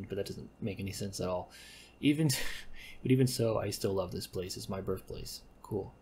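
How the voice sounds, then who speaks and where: A man rambles through casual game commentary, stopping to correct himself and toss off deadpan asides. His voice is low and gravelly, with a faint hiss behind it. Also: brisk. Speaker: gaming commentator.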